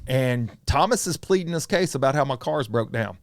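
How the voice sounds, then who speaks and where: In a podcast studio, a middle-aged Southern US man guests on a show, animatedly recounting a story and imitating the voices of friends and strangers. He speaks at a moderate pace in a medium pitch, captured in a dry recording with clean studio sound.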